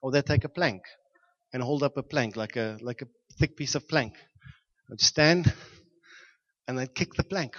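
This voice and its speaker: A man from Johannesburg, preaching a storytelling sermon and acting out shouts and sound effects with frequent laughter. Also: mid-range voice, unhurried, dull audio. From South Africa, Johannesburg.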